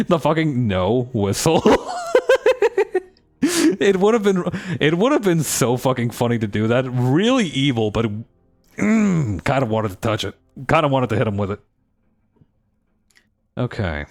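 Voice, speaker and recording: A man's voice: mid-range voice, huge pitch swings, measured pace, pauses often, a little mellow, faint music behind. A man streaming a game live, reading aloud and joking, swearing and laughing often.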